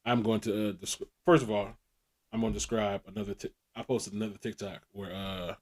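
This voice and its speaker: A man's voice: on the low side, little pitch movement, a little fast. A man co-hosting a podcast, telling crude, laid-back stories in casual chat and laughing often. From American Midwest. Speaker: podcast co-host.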